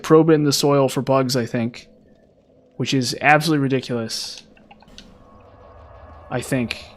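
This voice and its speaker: A man chatting casually while playing a video game, rambling with lots of fillers and restarts. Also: on the high side. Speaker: gaming streamer.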